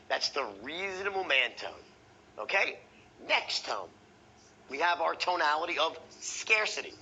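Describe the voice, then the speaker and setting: A man teaching a sales training session, animated and profane, acting out the tones of voice he teaches. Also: a little high, measured pace, vocal fry, lo-fi sound, a little hiss or hum.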